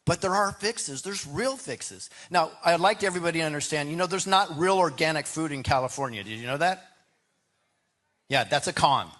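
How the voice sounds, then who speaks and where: Candidate guy rambling through a debate answer, lots of restarts and "right?", slightly high voice. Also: lively intonation, moderate pace, fairly bright tone. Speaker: political candidate.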